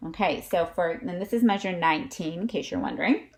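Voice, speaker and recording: Heavy background noise surrounds a woman teaching a music lesson to camera in a fairly low, fairly quick voice with vocal fry. She's chatty, often asks "okay?", and shows breath kicks with short huffs.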